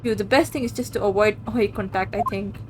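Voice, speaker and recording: A woman's voice: mid-range voice, fairly even intonation, brisk, over music, rough recording. Playful woman reading a game aloud. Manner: playful, chatty asides. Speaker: gamer playing a visual novel. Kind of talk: casual let's-play commentary and reading aloud.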